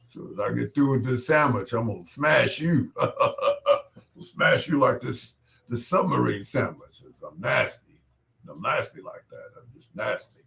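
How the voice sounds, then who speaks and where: A man's voice: medium pitch, animated, a little slow, gravelly, bright, forceful tone, exaggerated voice. A man voicing a nasty, bullying big guy who threatens people between bites of food, in a raised, gloating voice. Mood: menacing. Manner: menacing, gloating, laughing at himself.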